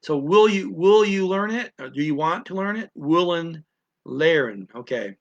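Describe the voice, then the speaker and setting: A man teaching word by word in a casual lesson, halting and repeating sounds aloud with many fillers. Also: high voice, expressive, muffled recording. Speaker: language teacher.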